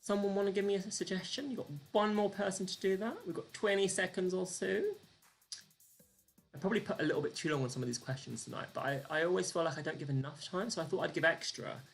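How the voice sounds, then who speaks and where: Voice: mid-range voice, fast, vocal fry, soft background music. A live-streamed quiz host, chatty and self-deprecating, counting down the clock and reading out the answers and the leaderboard.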